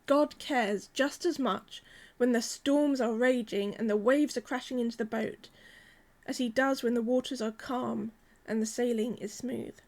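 A woman, preaching a sermon in a gentle, measured, earnest way. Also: on the high side, fairly even intonation.

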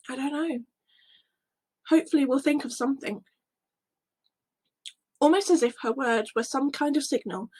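A woman narrates a Bible story in the first person, as if living through it herself. Her voice is high and breathy. She sounds emotional, full of fear and wonder.

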